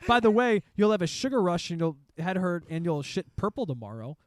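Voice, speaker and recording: A man's voice: high-pitched, sing-song, fairly quick. A young man co-hosting a podcast, chatting casually, rambling and swearing as he drifts into tangents. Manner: rambling, profane, goes off on tangents. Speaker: podcast co-host. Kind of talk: casual chat.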